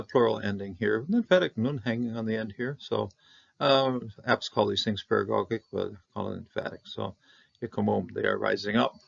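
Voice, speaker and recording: Gravelly, halting Canadian-raised Bible teacher. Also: male voice, lowish voice, muffled recording. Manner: halting, many fillers, sounds out Hebrew words slowly. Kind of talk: informal Bible language lesson.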